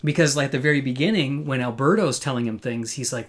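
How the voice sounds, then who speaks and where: A man's voice: medium pitch, fast talker, hardly any pauses. A man hosting a casual live film review, talking enthusiastically with many fillers and restarts. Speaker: podcast host. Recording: live online video call.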